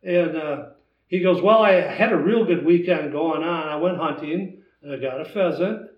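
A man in his sixties, a guest telling a hunting story in a lively, casual way, acting out the voices in it. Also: on the high side, normal speed. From United States. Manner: animated storyteller, acts out voices in his tale. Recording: roomy, distant, dull sound.

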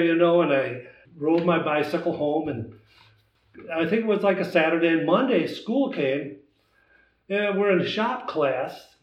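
A man in his sixties, a guest telling a hunting story in a lively, casual way, acting out the voices in it. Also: fairly high pitch. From United States. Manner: animated storyteller, acts out voices in his tale. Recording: roomy, distant, dull sound.

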